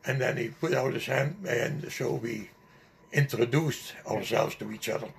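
An older man slowly recounting a personal memory in an interview, halting often with fillers and restarts. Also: mid-range voice, gravelly. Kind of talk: personal storytelling.

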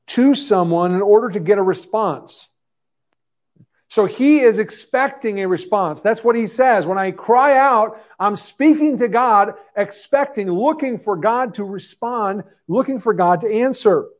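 A pastor with a high, darkish voice preaches an expository sermon. He is earnest and conversational, frequently restarting his phrases.

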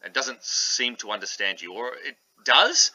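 A man's voice: mid-range voice, sing-song, unhurried, pushed and bright, poor audio. A man narrating a tabletop game as game master in a casual, rambling way.

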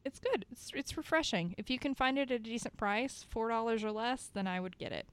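A woman co-hosting a podcast in casual chat, chatty and quick to laugh. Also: a little high, smooth. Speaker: podcast co-host.

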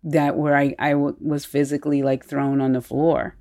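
In a casual conversation, a woman with a low-sitting voice shares personal stories candidly and with animation, speaking at a moderate pace.

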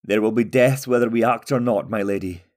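A cold, calculating commander gives his verdict in a measured, clipped voice, as a male narrator plays him. His tone is low and even, a hard-nosed storybook leader. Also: lightly acted.

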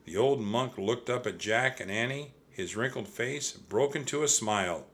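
A man reading a children's chapter book aloud as narrator, with expressive storytelling. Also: medium pitch, normal speed.

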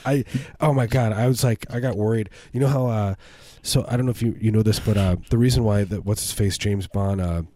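A man co-hosting a casual comedy podcast, riffing in a deadpan way and often repeating himself. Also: fairly low pitch, brisk, few pauses, dry recording. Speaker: podcast co-host.

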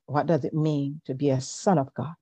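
A woman, a podcast guest telling a personal faith story in a reflective, hesitant way with frequent pauses. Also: deep voice, steady tone, dark tone, breathy edge, dry recording. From Jamaica. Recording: dull, lo-fi recording.

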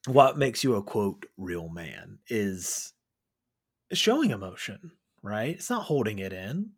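A man's voice: mid-range voice, slightly rough. A man co-hosting a movie podcast, earnestly and emotionally retelling scenes in casual review chat. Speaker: podcast co-host.

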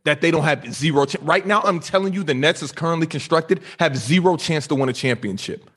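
A man's voice: fairly high pitch, brisk, a bit bright, slightly rough. A man co-hosting a heated sports debate show, insistent and repeating himself as he talks over others. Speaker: basketball debate co-host.

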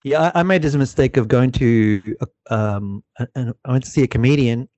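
A man's voice: medium pitch, a little fast, darkish tone, no room sound. A middle-aged Australian man hosting a casual podcast, rambling with restarts and laughing often. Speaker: podcast host.

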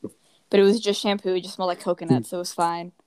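A woman's voice: lowish voice, steady tone, fast talker, a little mellow, smooth, dry recording. Chatty teenage girl, dry close sound. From United States. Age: teens. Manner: rambling, heavy use of "like", acts out quoted people. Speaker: guest telling travel stories. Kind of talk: casual chat.

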